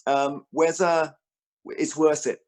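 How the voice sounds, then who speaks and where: At a book festival interview, a man speaking as an author tells stories with animation, performing the quotes he relates. His voice sits on the higher side, he talks slowly, and he restarts his sentences often.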